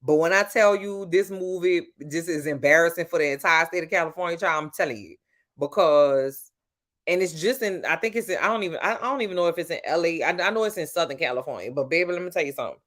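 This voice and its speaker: This woman hosts a livestream from New Orleans, USA, talking casually and bluntly with viewers and calling them "child" and "baby." She has a New Orleans accent and grown-up sons. Her voice sits on the low side, with a quick pace and a fairly bright tone.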